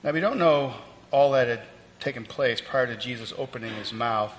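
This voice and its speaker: A male pastor preaches at a moderate pace in a medium-pitched voice, his words echoing through a reverberant hall. The sermon is conversational, marked by fillers and restarts, and faint ambient noise sits under the long reverb.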